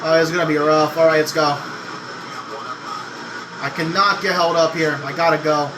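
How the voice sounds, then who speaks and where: A young man giving gameplay commentary on a racing game, excitable, swearing and yelling at the game. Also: on the high side, normal speed, background noise.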